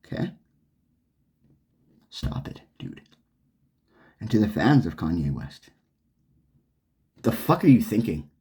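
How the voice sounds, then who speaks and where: Furious male vlogger, profane sarcastic rant, lively up-and-down delivery. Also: lowish voice, slow pace, long pauses. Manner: swearing, heated, sarcastic. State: angry.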